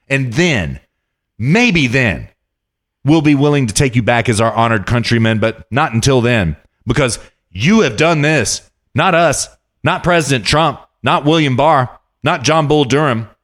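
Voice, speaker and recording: A man with a fairly high-set voice rants into his podcast mic. He hammers the same phrases over and over, heated and profane, in a political monologue addressed straight to his listeners. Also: fairly bright tone. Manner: heated ranting, profane, repetitive. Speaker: podcast host.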